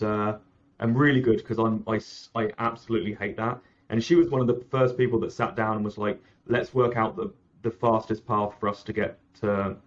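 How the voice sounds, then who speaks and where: A man's voice: on the low side, dull audio. A man talking casually as a founder in an interview, rambling and correcting himself often. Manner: rambling, self-correcting, frequent "like" and "um". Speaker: app founder, guest.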